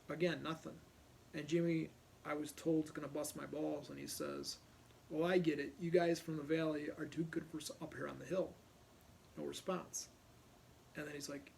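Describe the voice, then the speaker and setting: A man's voice: a little high, steady tone, a little slow, creaky, pauses often, slight background noise. A middle-aged man from Ohio, a police officer, casually telling a personal story and animatedly acting out other people's lines.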